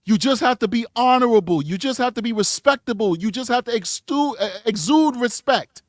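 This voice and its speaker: A man's voice: very high voice, lively intonation, brisk, dry recording, clean studio sound. An American man hosting a live true crime show, giving emphatic, rambling commentary on clips and reading viewer chat.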